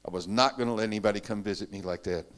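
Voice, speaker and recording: A middle-aged man preaching in a church, telling his life story with animated, self-mocking humor. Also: lowish voice, rapid-fire. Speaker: preacher giving a testimony. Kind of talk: storytelling sermon.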